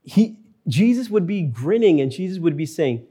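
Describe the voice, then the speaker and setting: A male pastor preaching a sermon in church, earnest, repeating key phrases and slowing down for emphasis. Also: a little high, big pitch swings, a little mellow, husky.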